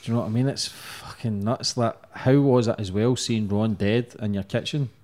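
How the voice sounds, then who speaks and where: A man's voice: on the low side, normal speed, darkish tone. A man hosting a casual interview, asking blunt questions and swearing casually. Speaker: podcast host.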